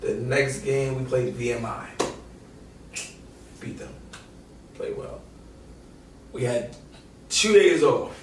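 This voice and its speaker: A young man from New York, a former college basketball player guesting on a podcast, tells stories in an animated, slangy, profane way, acting out quotes. His mid-range voice moves slowly with frequent pauses. The echoey room and distant mic add roominess and faint noise.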